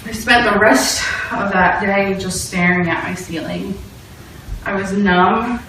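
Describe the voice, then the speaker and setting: A woman's voice: mid-range voice, a little slow, bright, forceful tone, a little hiss or hum. A young woman telling a personal story to a youth audience in an earnest, vivid way, acting out the quotes. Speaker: speaker giving a testimony to a youth group. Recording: echoey hall, distant from the mic.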